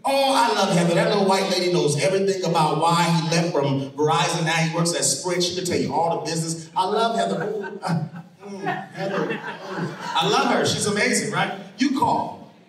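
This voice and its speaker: High-voiced man doing stand-up. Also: normal speed. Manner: animated storytelling, shouting punchlines. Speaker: stand-up comedian. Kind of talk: stand-up comedy. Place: live venue with audience. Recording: echoey room from far off, crowd noise.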